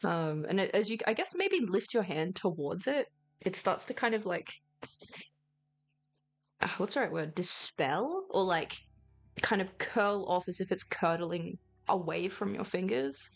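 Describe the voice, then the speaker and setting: A woman narrates a tabletop game in a casual, chatty way. She laughs often and stops to search for words mid-description. Soft music sits faintly behind her. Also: medium pitch, lively intonation, unhurried, creaky. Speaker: game master.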